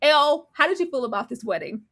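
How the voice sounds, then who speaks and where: A woman hosting a live recap stream with a high voice that swoops up and down in animated bursts. She laughs easily and throws herself into dramatic retellings. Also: fast talker, noisy background. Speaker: host of a live TV recap show.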